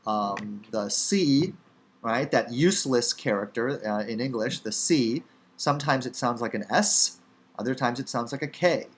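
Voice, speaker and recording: Male instructor, Chicago accent, offhand and dryly funny, mid-pitched, lecture delivery. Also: animated, a little slow, slight background noise. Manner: casual, wry teaching with many fillers. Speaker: Hebrew instructor. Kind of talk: recorded lecture.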